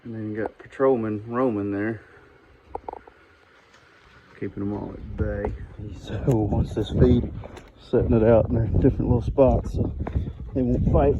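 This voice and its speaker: Phone in one hand, a farm vlogger walks through his outdoor chores, talking easily and calling out to his animals. He speaks on the low side, unhurried and fairly flat, leaving long pauses, and the noisy phone recording has its high frequencies cut off.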